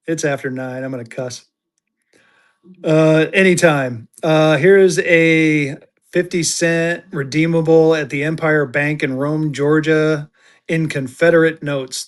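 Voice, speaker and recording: Chatty man hosting a live auction. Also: a little high. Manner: chatty, jokey, banters with viewers. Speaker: livestream seller and host. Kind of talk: casual live auction selling.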